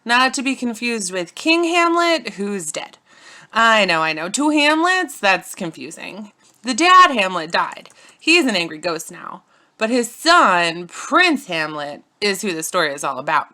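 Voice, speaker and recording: A woman's voice: mid-range voice, sing-song, unhurried, bright, forceful tone. Bubbly woman narrating a silly storybook. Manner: bubbly, playful, teen-slang asides.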